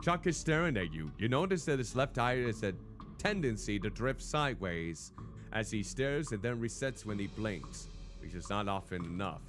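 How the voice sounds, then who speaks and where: A man's voice: lowish voice, expressive, normal speed, over music. A man streaming a game, reading its text aloud theatrically and making joking asides.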